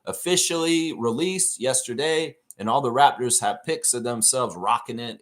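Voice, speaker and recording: A man's voice: medium pitch, normal speed, hardly any pauses, a bit bright. A man hosting a live basketball fan show in a casual chat, ranting and swearing freely as he talks. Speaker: podcast host.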